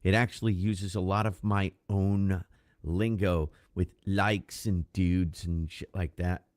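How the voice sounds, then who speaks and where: A man's voice: sits low, steady tone, slow, darkish tone, no echo, clean studio sound. A man co-hosting a casual podcast who talks loosely and swears, with plenty of fillers, and thanks viewers as he goes. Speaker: podcast co-host. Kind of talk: casual chat on a livestreamed podcast.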